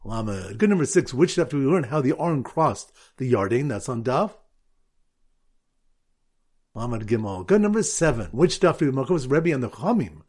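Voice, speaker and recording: A man's voice: a little high, expressive, brisk, hardly any pauses, a little mellow, slightly rough. A man, a rabbi, teaching a Talmud lesson with memory aids and a quiz, reading Aramaic in a sing-song lilt.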